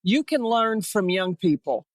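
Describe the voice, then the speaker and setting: A woman's voice: mid-range voice, sing-song, measured pace, dry recording. Middle-aged woman coach telling stories. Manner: storytelling that acts out quoted dialogue. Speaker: former head coach. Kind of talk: reminiscing interview.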